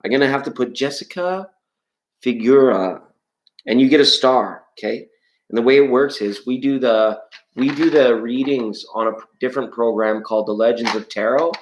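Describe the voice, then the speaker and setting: A chatty man hosts a late-night tarot stream, greeting viewers one by one in a loose, playful way. His mid-range voice bounces off the walls of an echoey room. Now and then he slips into singing a scale. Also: mid-range voice. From Canada. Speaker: live-stream tarot host. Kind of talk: casual live-stream chat reading viewer comments.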